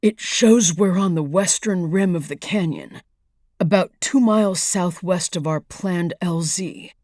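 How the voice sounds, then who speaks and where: An injured man forces out words through gritted teeth, choked and strained with pain, as a woman narrator voices him. The delivery is slow and low, close and dry, like a storybook thriller read aloud. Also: darkish tone, no echo. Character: injured male agent, pained and strained.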